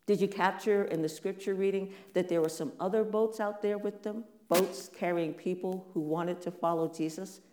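Preacher, warm and mellow tone, casual sermon delivery with lots of rhetorical questions; roomy, echoing sound. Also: mid-range voice, fairly even intonation, normal speed, hardly any pauses, slight background noise. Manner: conversational, many rhetorical questions, playful asides. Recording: echoey room.

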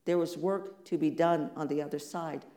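A preacher talks through a sermon in a relaxed, conversational way, tossing out rhetorical questions and light, playful asides. The voice is warm and mellow, and it rings around an echoey room. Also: mid-range voice, moderate pace.

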